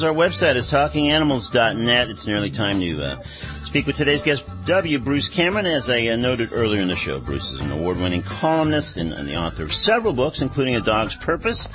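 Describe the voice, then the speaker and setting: A man hosting a radio show, relaxed and full of fillers, reading local news and introducing a guest. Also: mid-range voice, brisk, dull audio. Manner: relaxed, filler-heavy, lively intonation. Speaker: radio host. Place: radio studio. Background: faint instrumental music.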